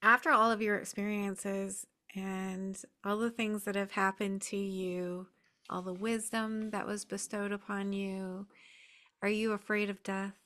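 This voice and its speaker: A woman's voice: mid-range voice, level tone, measured pace, pushed and bright. Woman host asking friendly questions. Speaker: interviewer host. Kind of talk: casual interview.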